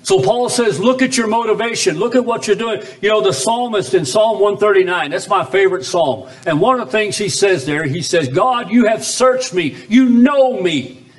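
A man preaching a sermon as pastor in a church chapel, drawing out key phrases with big swings up and down. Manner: preaching with sweeping pitch swings, drawn-out emphatic phrases.

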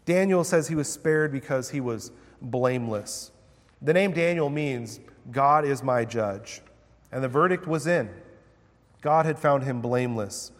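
A man's voice: mid-range voice, a little slow, big-room sound. A man preaching a sermon, reading scripture aloud with dramatic emphasis and then explaining it in plain words. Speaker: pastor.

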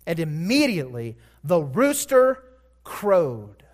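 A man preaching a sermon, retelling a scripture story with emphatic, drawn-out words. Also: a little high, huge pitch swings.

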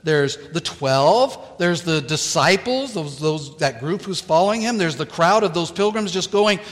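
A man preaching a sermon, telling a Bible story in a slow, deliberate way with dramatic pauses. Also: on the high side, lively intonation, fairly bright tone, long reverb tail. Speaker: pastor.

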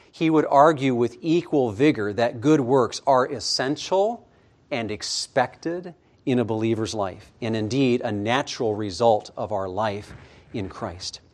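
A man preaching an expository sermon, measured, letting his voice fall soft at the ends of phrases. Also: mid-range voice.

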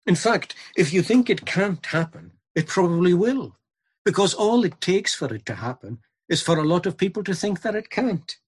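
Husky-voiced man preaching. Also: high-pitched, lively intonation, normal speed. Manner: earnest, building to emphatic repetition. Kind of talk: sermon.

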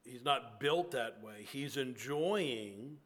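A man preaching a sermon in an earnest, reflective way, with slow, drawn-out pauses. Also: medium pitch, a bit bright.

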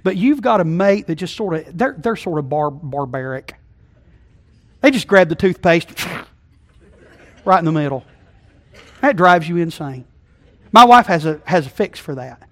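High-voiced folksy preacher, loud to hushed. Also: male voice. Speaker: pastor. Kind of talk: sermon. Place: church sanctuary.

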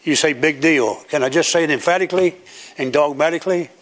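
A man's voice: on the high side, fast talker. Older male preacher, emphatic sermon. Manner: emphatic, rising to loud preaching cadence. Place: church sanctuary with platform.

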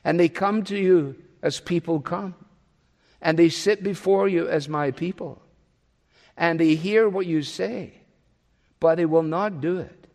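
A man preaching an expository sermon, pressing his points with loud rises and then dropping to a soft, low voice. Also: a little slow, in a large hall. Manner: emphatic, swinging between loud rises and soft drops.

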